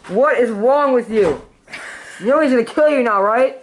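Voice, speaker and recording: A woman scolds her family in an exasperated, coughing voice that swoops up and down and sits somewhat high. She was captured on a home video with clear background noise. The tone stays fed-up and nagging throughout. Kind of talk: casual scolding. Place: inside a house. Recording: noisy home video recording.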